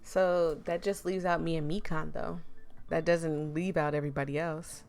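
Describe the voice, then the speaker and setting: Chatty woman streamer with a gravelly voice. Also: low-pitched, steady tone, moderate pace, a little mellow. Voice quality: chatty, laughs often, thinks aloud. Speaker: gaming streamer. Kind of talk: casual let's-play commentary.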